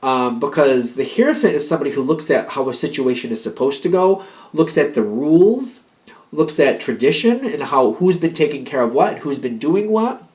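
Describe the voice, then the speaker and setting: A man's voice: on the high side, lively intonation, normal speed, darkish tone. Rambling man giving a tarot reading. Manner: rambling, repetitive and emphatic. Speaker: tarot card reader. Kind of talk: casual spoken tarot reading.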